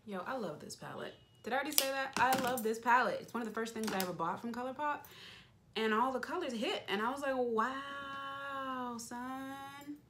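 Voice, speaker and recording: A woman's voice: fairly high pitch, expressive, quick pace, a bit bright, a little hiss or hum. Chatty woman narrating her makeup. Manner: chatty and playful, narrating each step. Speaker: beauty vlogger. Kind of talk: casual makeup tutorial chat.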